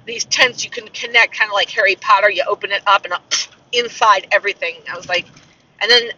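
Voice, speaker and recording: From a car on a country road comes the casual, rambling talk of a podcaster in her forties, who keeps jumping to tangents about whatever she passes. Her mid-range voice stays fairly even in intonation, a little fast, bright, and forceful. Sound is dull and muffled from a distance, with a slight hiss or hum.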